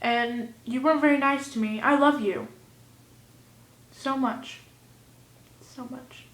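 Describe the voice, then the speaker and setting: A woman's voice: high voice, steady tone, unhurried. Goofy rambling teen girl, echoey room. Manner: goofy, rambling, jumps between mumbling and loud outbursts. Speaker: vlogger. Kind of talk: casual vlog rant. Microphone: phone or webcam.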